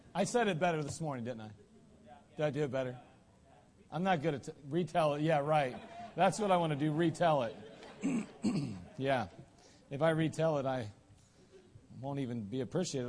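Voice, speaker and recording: Folksy preacher man clearing his throat. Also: fairly high pitch, darkish tone. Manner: folksy, joking asides, frequent throat clearing. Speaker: pastor. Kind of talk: sermon.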